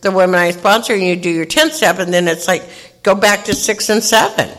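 A woman's voice: medium pitch, fairly quick, a bit bright. Older california woman sharing at a meeting, candid, pokes fun at herself. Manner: candid, self-mocking storyteller who acts out other people's voices. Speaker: recovery meeting speaker. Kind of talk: personal recovery share.

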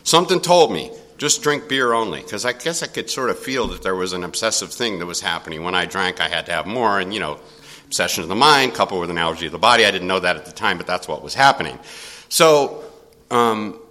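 Man, older, personal storytelling, casual, chuckling, animated, bright tone. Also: deep voice, fast.

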